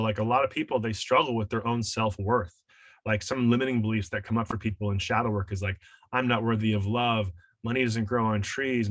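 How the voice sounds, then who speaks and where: A man's voice: lowish voice, fairly bright tone, no echo. A man coaching and teaching in an interview, emphatic and preachy, repeating his key points. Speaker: shadow work coach and author.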